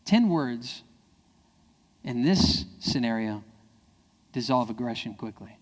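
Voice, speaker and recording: Animated male keynote speaker in a hall. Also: measured pace, long pauses. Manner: animated, acts out quoted children and parents in high voices. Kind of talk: lively keynote speech. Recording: hall reverb.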